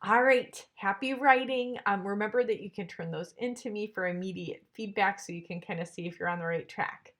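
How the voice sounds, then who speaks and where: A woman's voice: mid-range voice, fairly quick, hardly any pauses, fairly bright tone. A woman teacher giving a classroom tutorial, explaining patiently with some fillers.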